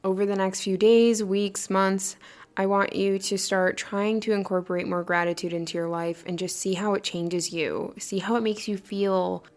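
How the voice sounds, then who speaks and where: A woman's voice: mid-range voice, steady tone, moderate pace, darkish tone. Young adult woman, podcast host, earnest and encouraging, casual and rambling. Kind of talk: casual motivational monologue.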